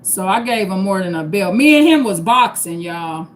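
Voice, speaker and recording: A woman's voice: medium pitch, lively intonation, normal speed, slight background noise. Blunt, profane middle-aged woman livestreaming. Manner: blunt, profane, addresses viewers as y'all. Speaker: livestream host. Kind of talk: unscripted livestream talk.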